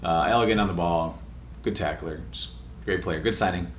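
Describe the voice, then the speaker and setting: A man's voice: sits low, normal speed. A man co-hosting a podcast, casually and enthusiastically running through a list of soccer transfers and laughing often. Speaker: podcast co-host. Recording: echoey room with faint noise.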